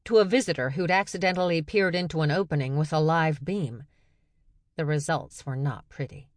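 A woman narrating a science fiction story in a steady, measured way. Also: low-pitched, no echo, clean studio sound. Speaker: audiobook narrator. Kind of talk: scripted narration.

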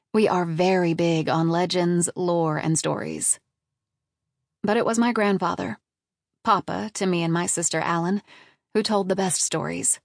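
A woman's voice: fairly low pitch, dry recording. Woman reading an audiobook, dry sound. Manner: measured, even reading. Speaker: audiobook narrator. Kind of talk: scripted narration.

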